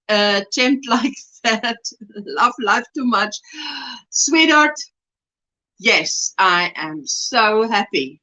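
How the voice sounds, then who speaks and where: A woman's voice: fairly high pitch, sharp tone, lo-fi sound. A South African woman hosting a casual livestream, reading viewers' chat messages aloud and answering them, laughing often as she talks. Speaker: livestream host.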